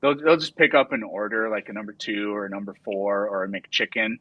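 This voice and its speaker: A man talking deadpan with lots of hesitant fillers, casually trolling in an online chat. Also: fairly low pitch, a little fast, phone-quality sound.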